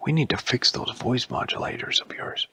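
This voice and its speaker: A man voicing a practical, helpful young boy in a soft, matter-of-fact voice. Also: moderate pace, dry recording, in a whisper, natural voice.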